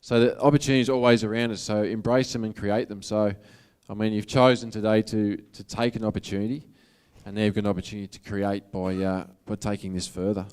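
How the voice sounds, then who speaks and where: A man's voice: fairly low pitch, little pitch movement, quick pace, darkish tone, clear, resonant tone. A man with an Australian accent giving a motivational talk to an audience, in a casual, earnest, conversational way. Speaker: motivational speaker.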